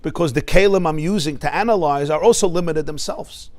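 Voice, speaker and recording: Male rabbi teaching a class, slightly high-pitched, explanatory tone. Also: a little fast. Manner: explanatory, lively teaching with Hebrew terms and questions to listeners. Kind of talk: Torah lecture.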